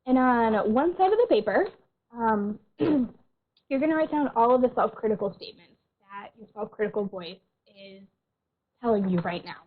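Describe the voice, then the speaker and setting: A woman counselor giving an online workshop in a gentle, reassuring way, often clearing a tickle from her throat. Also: on the high side, animated, moderate pace. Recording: tinny phone-like audio.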